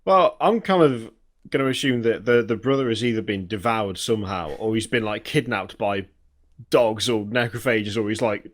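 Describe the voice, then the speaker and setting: A man co-hosting a casual podcast, speculating in a relaxed, thoughtful way. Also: on the low side, normal speed. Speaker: podcast co-host. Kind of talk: casual chat.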